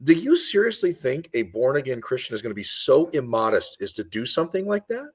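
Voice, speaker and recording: A man with a husky, slightly rough voice argues a point on a podcast. His pitch swings widely as he drives home each claim. He often repeats short lines for emphasis. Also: very animated, brisk. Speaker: guest commentator. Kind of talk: impassioned podcast discussion.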